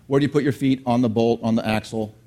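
Animated storytelling male preacher. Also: mid-range voice, fast talker. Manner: animated storytelling, asks the congregation questions. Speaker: pastor. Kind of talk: sermon with personal story.

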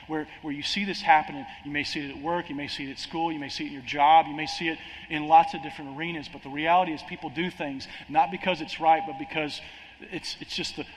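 A man's voice: a little high, a little hiss or hum. A man preaching a sermon as pastor, impassioned, restarting phrases and acting out quotes, recorded in a large church hall. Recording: long hall reverb, faint ambience.

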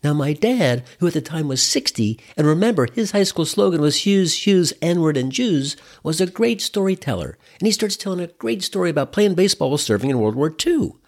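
Wry older man telling a lively story. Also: a little high, brisk, hardly any pauses. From US Midwest. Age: 60s. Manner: wry, irreverent, conversational. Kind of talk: comedic storytelling monologue.

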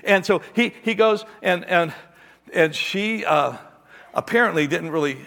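A middle-aged male pastor delivers a sermon through an animated personal story, slipping into other people's voices as he goes. His voice sits a little high and has a gravelly edge. The sound carries the long echo of a hall. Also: a little slow. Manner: animated storyteller, acts out voices, ends in quiet prayer.

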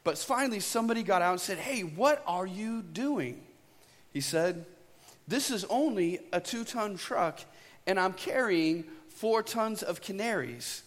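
Male pastor, conversational preacher, higher voice, live church reverb. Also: normal speed. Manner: conversational storytelling preacher, asks "right?" often. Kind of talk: sermon. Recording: long hall reverb.

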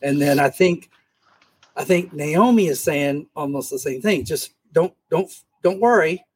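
Man, slightly high and husky, teaching Bible study on camera with animated retellings. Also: unhurried, no echo. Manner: animated, acts out scripture scenes in voices. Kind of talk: casual Bible study discussion. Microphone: camera mic.

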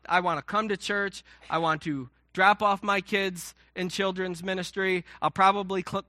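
Bright-voiced pastor preaching in a dry room. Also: male voice, sits high, no echo. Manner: conversational preaching with self-mocking asides and acted-out quotes. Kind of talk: sermon.

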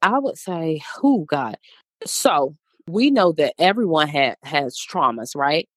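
A woman's voice: deep voice, lively intonation, takes it slowly, no room sound, clean studio sound. A woman in her thirties, a life coach guest, speaking earnestly in a preacherly way and repeating phrases for emphasis. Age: 30s. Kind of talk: casual interview talk.

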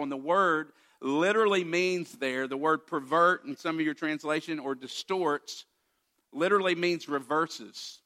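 A man's voice: on the high side, sharp tone. A man preaching a sermon as pastor, emphatic and direct, guiding listeners through a passage and posing rhetorical questions.

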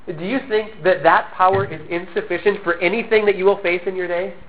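A man's voice: high voice, fairly even intonation, fairly quick, a little hiss or hum. A man preaching a sermon, earnest and emphatic, with self-deprecating humorous asides, still recovering from a cough. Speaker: pastor. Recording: tinny phone-like sound.

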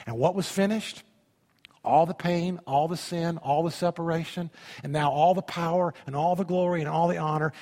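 A pastor preaching a sermon, emphatic, with sudden drops to a quiet voice. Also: male voice, fairly high pitch, fairly even intonation, normal speed, big-room sound.

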